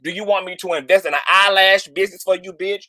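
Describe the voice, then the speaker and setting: A man's voice: high voice, fairly even intonation, quick pace, bright, forceful tone, dry recording. A man hosting a livestream, talking in a dramatic, exclaiming way with lots of slang. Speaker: livestream host. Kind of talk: animated gossip livestream.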